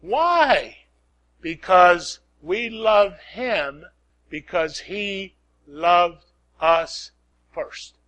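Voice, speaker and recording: A man preaching a sermon, swinging from loud calls to hushed prayer, repeating lines and asking "Amen?". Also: high voice, extremely slow.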